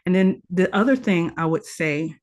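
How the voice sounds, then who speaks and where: Woman, low-pitched, earnest teacher, repeats key phrases, podcast guest. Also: lively intonation, moderate pace, darkish tone. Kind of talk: conversational podcast interview.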